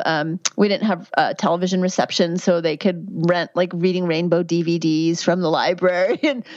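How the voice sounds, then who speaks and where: A woman's voice: on the low side, darkish tone, dry recording. A middle-aged woman, a midwife, answering interview questions in an earnest, chatty way with many fillers and restarts. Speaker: midwife and guest. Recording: dry, slightly dull lo-fi sound.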